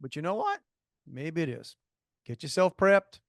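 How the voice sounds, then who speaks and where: Man, podcast co-host, high voice, dry close sound, rambling jokey chat. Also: animated, moderate pace, vocal fry, no room sound. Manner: rambling, self-interrupting, jokey. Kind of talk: casual chat.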